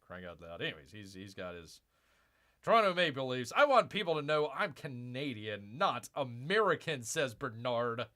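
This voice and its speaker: A man's voice: medium pitch, sing-song, moderate pace, bright, forceful tone. A middle-aged man hosting a livestream, reading out news and mocking it in a rambling, sarcastic way. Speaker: livestream host. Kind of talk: casual commentary on news.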